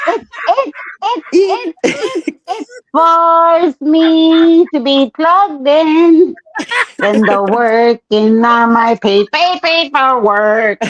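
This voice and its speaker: A melodramatic figure facing deportation, as a woman puts it on wails and sobs through stammered lines. The voice is high and drawn out very slowly. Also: heavily acted, rough recording. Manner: wailing, sobbing, stammering.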